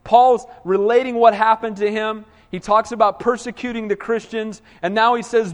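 A man preaching a sermon in a church, animated, with frequent call-and-response. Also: high-pitched, normal speed, hardly any pauses. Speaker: pastor. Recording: long hall reverb.

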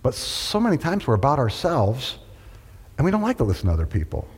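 A male pastor delivers a sermon with a lively, swooping delivery, teasing and chatting with his congregation. His voice carries a long reverberant tail from the church hall around him. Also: mid-range voice, fairly quick, breathy edge. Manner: animated, conversational, joking with the congregation. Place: church sanctuary.

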